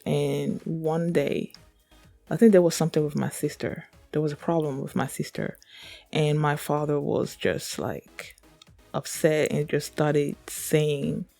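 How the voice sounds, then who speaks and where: A woman's voice: low-pitched, vocal fry, mellow, no room sound. A woman hosting a reaction video, telling a personal story in an earnest, emotional, rambling way with many fillers. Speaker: reaction channel host.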